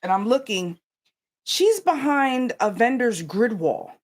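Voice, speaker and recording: A woman's voice: a little high, slow pace. A woman co-hosting a casual livestream chat, telling stories animatedly and talking straight to her viewers. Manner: animated storyteller, addresses viewers directly. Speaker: yarn company co-host.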